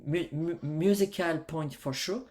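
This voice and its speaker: French-accented man telling lively anecdotes. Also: on the high side. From France. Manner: halting English, acts out anecdotes in quoted voices. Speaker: musician guest. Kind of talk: casual interview chat.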